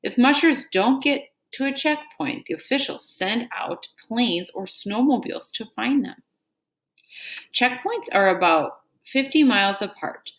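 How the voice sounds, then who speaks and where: Using a call-and-response drill, a teacher with a medium-pitched, somewhat bright voice asks "what word?" after each item in a scripted elementary reading lesson. She patiently encourages and praises the children's answers before reading a story aloud with care.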